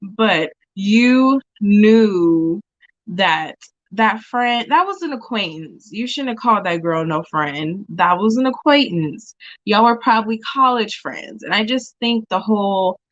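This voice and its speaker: A woman's voice: mid-range voice, expressive, slow, no room sound. A woman co-hosting a casual show chat, candid and emphatic, repeating phrases for effect. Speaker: co-host reviewing a reality show. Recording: slightly dull, dry sound.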